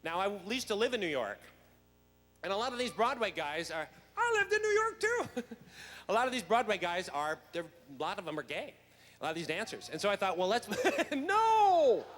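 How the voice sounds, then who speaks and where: In a large, echoey convention hall with faint noise, a man who is a guest actor at a fan convention tells a comic backstage story. His voice is high-pitched and fairly bright, with lively intonation and a fairly quick pace, and he chats and laughs through it, restarting often.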